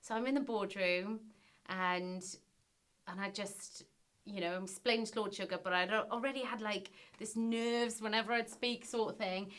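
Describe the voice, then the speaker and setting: A woman in a casual interview, telling her stories with animated delivery and acting out what people said. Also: medium pitch, normal speed. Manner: animated storyteller, acts out quotes. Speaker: guest, former reality TV business contestant.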